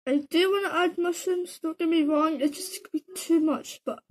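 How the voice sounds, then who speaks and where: A woman's voice: very high voice, fairly even intonation, normal speed. A woman giving casual, chatty commentary as she plays a game, joking about herself and tossing in slang like "bro" and "man". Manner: chatty, self-mocking, talks to herself while playing. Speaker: gaming video creator.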